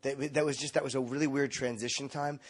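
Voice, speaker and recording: Man, comedian guest, casual chat, stammering restarts, medium pitch. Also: steady tone. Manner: halting, repeats words while searching for them.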